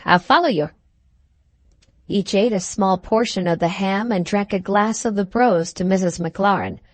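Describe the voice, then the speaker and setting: A woman's voice: mid-range voice, a little mellow, no room sound. Woman steadily narrating an audiobook.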